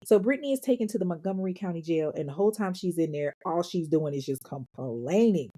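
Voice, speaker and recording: A woman's voice: fairly low pitch, lively intonation, fast, warm tone. A woman podcast host telling a true-crime story in a casual, profane, sassy way, acting out the quotes.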